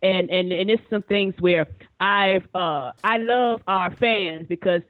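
A man chatting casually as a guest, heard over a thin, phone-like line with no room sound. His voice sits a little high for a man, and he rambles, stumbling over repeated words and swearing easily. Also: slow pace, no room sound. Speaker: podcast guest. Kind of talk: casual chat.

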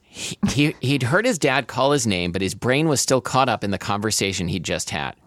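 A man's voice: medium pitch, sing-song, moderate pace, fairly bright tone, dry recording, clean studio sound. Playful man reading a romance aloud. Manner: playful, wry asides. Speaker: podcast host reading a novel aloud. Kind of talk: reading aloud with joking commentary.

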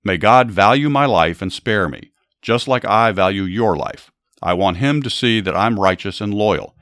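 A man's voice: on the low side, moderate pace, fairly bright tone, dry recording, studio quality, lightly acted. A man voicing a young male warrior who pleads with a king, speaking earnestly.

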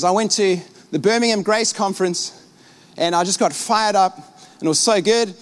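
A middle-aged man preaching as a pastor, animated and acting out little scenes. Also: sits high, moderate pace, pauses often. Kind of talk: sermon.

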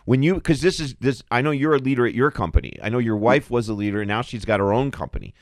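A man's voice: mid-range voice, fast talker, dry recording, studio quality. A middle-aged man co-hosting a casual discussion podcast, speaking in an earnest, persuasive way. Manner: earnest, persuasive, building arguments. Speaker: podcast co-host.

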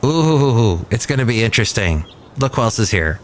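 A man's voice: mid-range voice, sing-song, normal speed. A man in his fifties hosting a podcast, rambling casually and poking fun at himself. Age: 50s. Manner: rambling, self-deprecating. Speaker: podcast host. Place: cafe.

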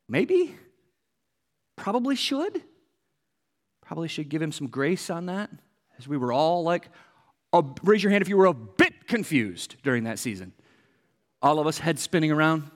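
A man's voice: a little high, long reverb tail. A man preaching a sermon as pastor, earnest, repeating key phrases for emphasis, with wry asides.

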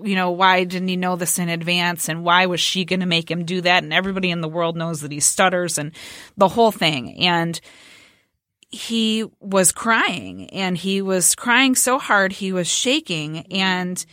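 Low-voiced woman telling a moving story. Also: normal speed, pushed and bright, dry recording, clean studio sound. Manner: earnest, emotional storyteller. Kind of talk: casual storytelling chat.

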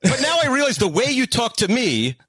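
High, husky-voiced man rambling excitedly. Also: brisk, no echo. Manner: excited, rambling storytelling with many "like"s. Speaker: podcast co-host. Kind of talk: casual podcast chat.

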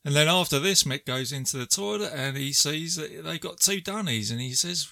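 A man's voice: a little high, expressive, moderate pace, creaky, few pauses, pushed and bright, no room sound, studio quality. A man co-hosting a casual movie podcast, retelling scenes with quoted lines and frequent laughs. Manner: chatty storyteller, quoting lines and laughing. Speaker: podcast co-host. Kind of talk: casual movie recap chat.

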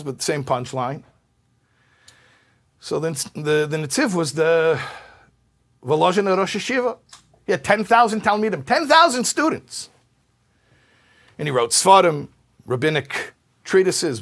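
A rabbi giving a talk, telling stories in an animated way and acting out the people he quotes. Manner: animated storyteller, quotes characters with rising pitch. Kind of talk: sermon storytelling.

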